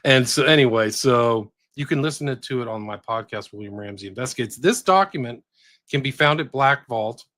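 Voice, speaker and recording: A man's voice: medium pitch, expressive, normal speed, fairly bright tone. A man hosting a podcast, chatting casually and giving listeners plain directions. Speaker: podcast host.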